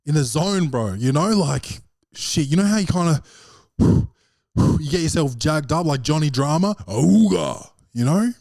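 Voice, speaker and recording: An Australian man with a fairly high voice rambles through a casual podcast monologue. He swears freely and keeps calling the listener "bro." The close mic sounds dry and tight. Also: lively intonation, measured pace, darkish tone, no room sound. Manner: profane, rambling storyteller, slangy with repeated "bro". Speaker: podcast host and stand-up comedian.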